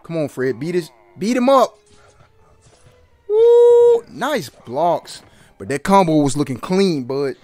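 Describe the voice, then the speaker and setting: A man giving excited, trash-talking commentary while playing a fighting game, yelping and laughing often. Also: a little high, unhurried. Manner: animated, yelps and laughs, trash-talks the opponent. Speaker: gaming channel host.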